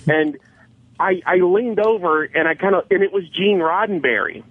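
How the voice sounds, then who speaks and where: A man's voice: sits high, normal speed, slightly rough, no echo. A man calling in to a radio show, telling a rambling, hesitant story. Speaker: caller. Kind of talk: telling an anecdote on the phone. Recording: tinny phone line with faint music.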